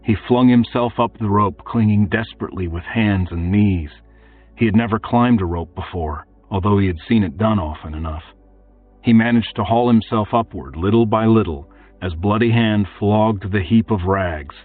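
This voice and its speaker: A man narrates a fantasy audiobook in a steady, measured way. His low voice is husky. The sound is tinny and phone-like, as if heard from a distance, with faint music behind.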